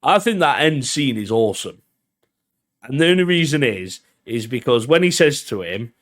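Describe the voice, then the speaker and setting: A man's voice: mid-range voice, lively intonation, normal speed, fairly bright tone. Laid-back sweary man. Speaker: podcast co-host. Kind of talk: casual chat.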